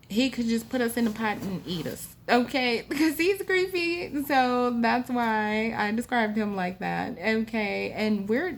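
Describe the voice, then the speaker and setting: A woman's voice: mid-range voice, a little hiss or hum. Chatty woman telling a story. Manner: chatty, animated, frequent "okay?" asides. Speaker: storytelling channel host. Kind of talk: casual storytime.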